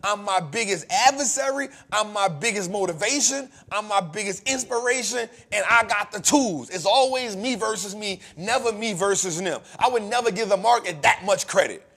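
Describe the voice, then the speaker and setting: A man's voice: sits high, expressive, normal speed, hardly any pauses, a bit bright. A man hosting a podcast, giving a preachy, emphatic motivational finance talk full of repetition and casual street slang. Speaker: podcast host.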